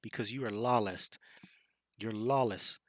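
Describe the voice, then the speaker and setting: Fiery male street preacher, forceful bright tone, taunting delivery, dry close sound. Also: lowish voice, unhurried, no room sound. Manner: fiery and taunting, with scornful impressions and laughs. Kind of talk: scripture sermon.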